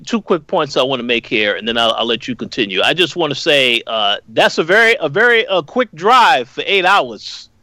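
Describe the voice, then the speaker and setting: A man co-hosting a podcast, laying out his points on a TV episode in a measured, step-by-step way. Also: fairly high pitch, big pitch swings, pushed and bright, no room sound. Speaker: podcast co-host. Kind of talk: casual discussion.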